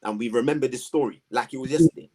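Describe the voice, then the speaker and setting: A man, telling his story to two hosts in a lively, slangy way, acting out the voices of people around him. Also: medium pitch, fast. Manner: animated, slangy storytelling with acted-out quotes. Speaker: guest. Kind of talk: storytelling in a conversation.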